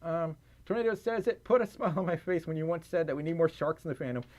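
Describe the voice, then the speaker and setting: A man's voice: on the high side, quick pace, a little mellow. A man from the US South, hosting a casual livestream, reading donations and chat with lots of giggles and fillers. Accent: Southern American. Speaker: livestream host.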